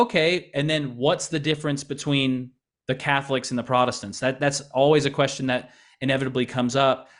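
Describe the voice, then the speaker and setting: American man, earnest missionary pastor. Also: medium pitch. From United States. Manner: earnest, frequent restarts and repeated words. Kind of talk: conversational interview answers.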